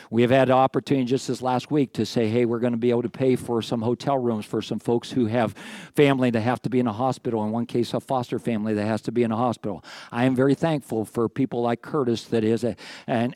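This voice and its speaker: A man's voice: mid-range voice, mellow, no echo. A man preaching a sermon as a pastor, reading scripture and breaking off into folksy, joking asides with frequent restarts, a little out of breath.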